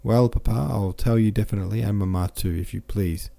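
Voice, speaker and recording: A man's voice: on the low side, brisk, vocal fry, mellow, no echo. A man doing an insistent teenage boy. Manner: insistent, pleading. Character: teenage boy, eager, voice breaking.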